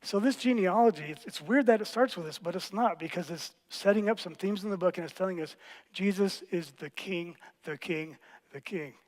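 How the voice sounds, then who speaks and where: A man preaching a sermon as pastor, teaching in a playful, animated way with quick jokes. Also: sits high, long reverb tail. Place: church hall.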